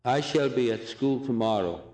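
A man giving a recorded language lesson, saying phrases slowly and repeating each one for drilling. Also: mid-range voice, a little mellow, roomy sound. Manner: slow, deliberate drilling of phrases with repetition. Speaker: language teacher.

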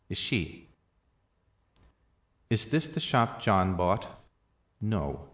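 A man teaching a language lesson, reading out practice sentences and their translations slowly and deliberately, with softer asides. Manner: slow and deliberate, with soft low asides.

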